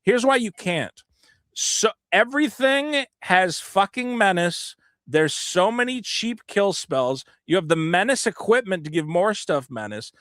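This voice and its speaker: A man co-hosting a podcast, ranting with animated, profane energy and quoting other players in put-on voices. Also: high-pitched, measured pace, no echo, studio quality. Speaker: podcast co-host. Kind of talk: casual podcast chat.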